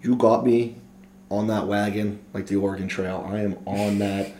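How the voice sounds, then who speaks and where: A man's voice: fairly low pitch, steady tone, normal speed, dark tone, echoey room, slight background noise. A man co-hosting a casual podcast, talking in a boisterous, playful trash-talking way. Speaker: podcast co-host. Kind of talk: casual chat.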